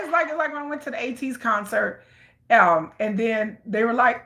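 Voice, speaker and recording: A young woman chatting casually while walking, animated and laughing, swinging from squeals to low mutters. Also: moderate pace. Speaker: vlogger.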